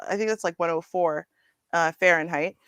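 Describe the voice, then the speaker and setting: A woman hosting a casual commentary show, animated and sarcastic, laughing often and talking straight to her viewers. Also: lowish voice, moderate pace, clean tone, no room sound. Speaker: host. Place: Ontario.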